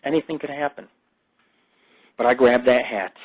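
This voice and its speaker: A man's voice: mid-range voice, normal speed, low-quality recording. A man hosting his own podcast, delivering a rambling, profane casual monologue that jumps between topics. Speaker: podcast host.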